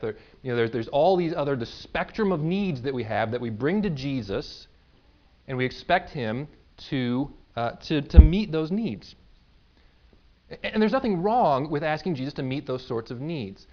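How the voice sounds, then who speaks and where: A man preaching a sermon in a conversational way, explaining with everyday examples and quick asides. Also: a little high, lively intonation, muffled recording. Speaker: pastor.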